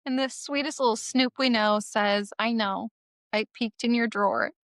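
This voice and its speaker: Co-hosting a podcast, a woman reads a comic chapter summary as a casual recap, cursing irreverently and often laughing through tears as she nearly cries. Her voice is a little high and a bit bright at a moderate pace, in a dry recording.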